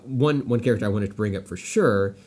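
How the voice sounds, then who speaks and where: A man's voice: on the low side, brisk, darkish tone, slightly rough. A man chatting casually about a movie, rambling with lots of fillers and restarts and laughing often.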